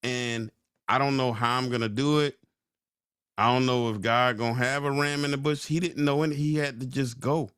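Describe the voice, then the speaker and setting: A man hosting a podcast, giving a sermon-like motivational talk, slowing down and repeating key lines for emphasis. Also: mid-range voice, fairly even intonation, fairly bright tone, clean tone, dry recording, clean studio sound. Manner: slow, drawn-out emphasis. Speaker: podcast host.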